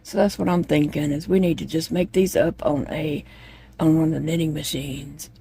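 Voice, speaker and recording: A woman's voice: low voice, steady tone, moderate pace, gravelly, mellow, slightly rough. A woman chatting casually to viewers while she crochets at home, rambling from one thought to the next. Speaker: vlogger.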